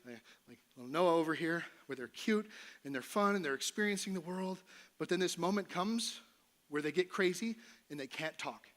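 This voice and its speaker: A middle-aged male pastor gives a relaxed, conversational sermon in a church sanctuary. His voice sits a little higher than most men's, and he slips into playful voices for the people in his story. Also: moderate pace. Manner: conversational, playful, acts out voices of Moses and God.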